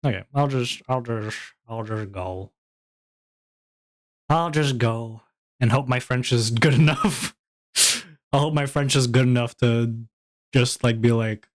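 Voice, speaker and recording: Slow, rambling young streamer guy. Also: mid-range voice. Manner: rambling, self-deprecating, lots of fillers. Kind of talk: casual stream chat.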